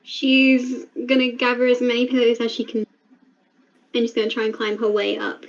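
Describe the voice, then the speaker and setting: A woman with a slightly high voice plays in an online tabletop game, casually narrating her character's actions. Her voice comes through a dull, lo-fi call line. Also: little pitch movement, moderate pace. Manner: chatty, describes her character in third person. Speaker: player.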